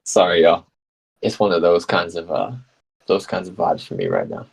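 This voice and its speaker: A young man with a somewhat low voice and a New Jersey accent hosts a live radio talk show. He reads out listener comments and muses on them in a loose, rambling way. He often mocks himself with a playful, joking tone. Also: big pitch swings, moderate pace, vocal fry, husky, rough recording. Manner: playful, rambling, self-mocking, with jokey put-on voices.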